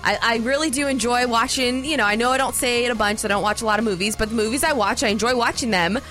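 A woman's voice: fairly high pitch, fast, pushed and bright, soft background music. A woman co-hosting a casual morning radio chat, chatty and teasing, often laughing. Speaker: radio co-host. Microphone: studio microphone.

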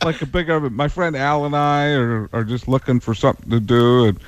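A man putting on the voice of an excitable older male football commentator, stammering and rambling with filler sounds. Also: fairly high pitch, measured pace, no room sound. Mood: blustery.

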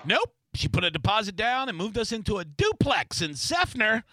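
Middle-aged male host, bright lively delivery, swears freely, casual storytelling. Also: normal speed, no room sound. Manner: animated, profane, swings high and loud for emphasis. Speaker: podcast host.

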